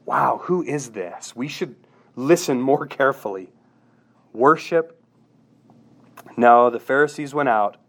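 A man preaching a sermon, earnest, asking rhetorical questions and repeating himself as he presses a point. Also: medium pitch.

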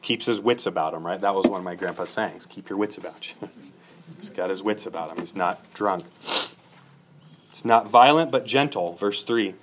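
A man's voice: low-pitched, normal speed, fairly bright tone, a little hiss or hum. A middle-aged man preaching an expository sermon, earnest and emphatic, building points through repeated lists. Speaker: pastor.

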